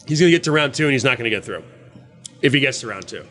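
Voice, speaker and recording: A man hosting a podcast in casual chat, animated and profane, breaking off into quick impressions. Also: medium pitch. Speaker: podcast host.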